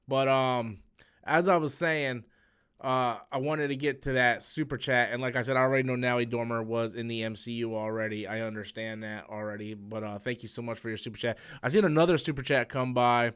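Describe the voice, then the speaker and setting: A man's voice: mid-range voice, fairly even intonation, a little fast, a bit bright, clean tone. A young man, hosting a live stream and telling a long story in casual chat, full of fillers and restarts. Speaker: comics channel host.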